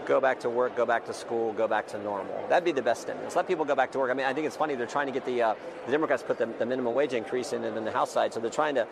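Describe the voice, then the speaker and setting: Male speaker, outdoor press remarks: fast, halting, gravelly, traffic noise behind. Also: medium pitch. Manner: quick, halting, with restarts.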